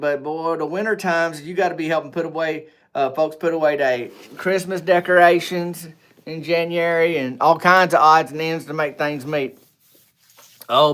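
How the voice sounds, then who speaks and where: A man hosting a casual livestream, rambling and joking with viewers, swinging between loud greetings and low asides. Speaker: livestream host. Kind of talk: casual live chat with viewers.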